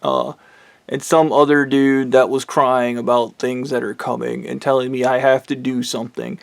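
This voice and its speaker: Gravelly, angry man ranting. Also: medium pitch, flat delivery, moderate pace, no echo. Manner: angry, bitter, heavy swearing. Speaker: vlogger. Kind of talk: profane personal rant.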